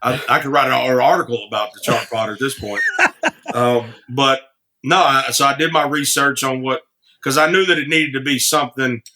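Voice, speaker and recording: Singer-songwriter guy on a podcast, rambly, bright voice, starts over a lot. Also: medium pitch, fairly quick. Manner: rambling, frequent restarts, laughs easily. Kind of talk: casual storytelling.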